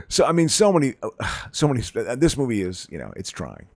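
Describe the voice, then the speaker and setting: Man podcast host, animated rambling chat, lively pitch, dry close sound. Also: moderate pace, vocal fry, no echo. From Chicago area. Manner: rambling, laughs often, animated. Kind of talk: casual chat.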